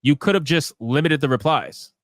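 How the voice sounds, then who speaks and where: A man's voice: a little high, normal speed, a bit bright, dry recording, clean studio sound. A man giving sarcastic, ranting live commentary as a streamer, firing off rhetorical questions. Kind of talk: live commentary reading tweets.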